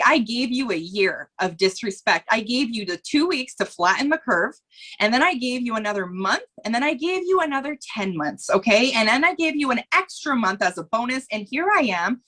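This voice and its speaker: A woman's voice: on the high side, big pitch swings, normal speed, sharp tone. A woman talking as a guest in a podcast interview, earnest and candid, speaking in long rambling runs that repeat phrases and sometimes turn emotional.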